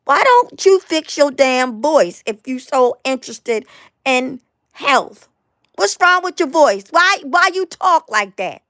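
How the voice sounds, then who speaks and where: A woman, hosting a live online show and ranting emphatically to viewers, repeating herself and stumbling on restarts, tired and going hoarse. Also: sits high, expressive, takes it slowly, a bit bright, no room sound, clean studio sound. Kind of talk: impassioned live rant to viewers.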